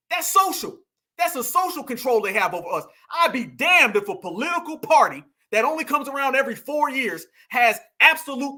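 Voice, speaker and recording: A man's voice: very high voice, bright, forceful tone. A man delivering an impassioned political monologue as a commentator, preachy and emphatic, repeating lines for effect and calling out to his listeners.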